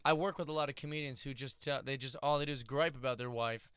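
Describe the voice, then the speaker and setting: A man's voice: medium pitch, fairly even intonation, fast, fairly bright tone, smooth, no echo. A man, a comedian guest in a radio studio, talking earnestly and questioningly in casual chat.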